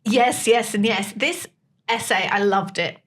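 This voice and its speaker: A woman's voice: medium pitch, a little slow. Chatty woman in her forties. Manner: chatty and animated, laughing often. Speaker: podcast co-host. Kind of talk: casual chat.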